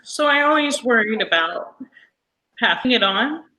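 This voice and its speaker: Woman guest on a video call, bright tone, hesitant and tearful. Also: a little high, expressive, a little slow, slight background noise, low-quality recording. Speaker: teacher and interview guest. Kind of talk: personal interview.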